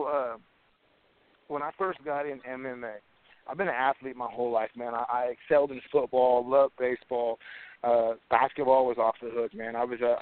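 A man's voice: mid-range voice, no room sound. A man in his forties with a mid-range voice tells a long story in a loose, rambling way. He chuckles often and keeps saying "man" and "you know". His voice comes through a thin, tinny phone-line sound. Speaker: guest, professional fighter. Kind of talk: casual storytelling in an interview.

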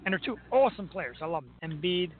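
A man's voice: sits high, expressive, fast. A man hosting a talk show, chatting enthusiastically about local sports. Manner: chatty, enthusiastic fan banter. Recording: tinny phone-like sound with faint noise.

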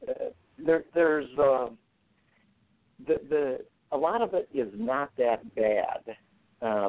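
A male guest on a talk show, telling anecdotes in a relaxed way and laughing often. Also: medium pitch. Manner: anecdotal, chuckles while telling stories. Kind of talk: casual talk show discussion. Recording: tinny phone line.

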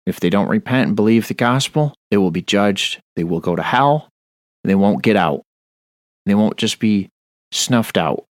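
A man's voice: fairly low pitch, lively intonation, normal speed, no room sound, clean studio sound. A man preaching a Bible study on a radio show, earnest and stern, reading scripture aloud. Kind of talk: sermon-style Bible study.

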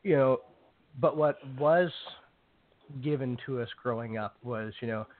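A man's voice: medium pitch, a little slow. A man hosting a casual talk show, speaking loosely and saying "you know" a lot. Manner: filler-heavy, says "you know" often. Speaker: show host. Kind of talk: casual podcast conversation. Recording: dry, tinny phone-line sound.

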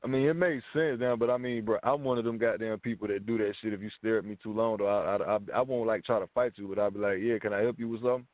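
A man's voice: on the low side, fast talker, few pauses, no room sound. A man chatting on a casual talk radio show, brash and profane, full of slang. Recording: dry phone-like line.

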